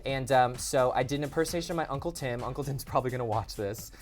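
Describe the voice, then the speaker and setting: A man's voice: mid-range voice, fast talker, soft background music. A young man, an actor guest in a casual interview, telling stories in a chatty way with lots of "like" and acted-out quotes. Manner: chatty, heavy use of "like", acts out quotes.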